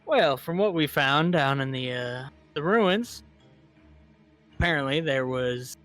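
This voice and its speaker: A man playing his character in a tabletop game with a put-on American Southern accent, speaking in halting, hesitant phrases. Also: a little high, animated, a bit bright, soft background music. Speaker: player.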